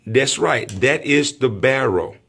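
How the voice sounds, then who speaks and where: A man's voice: medium pitch, animated, slow, creaky, sharp tone, breathy edge. A man teaching a hands-on training class, praising often and calling out drill commands. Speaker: firearms instructor.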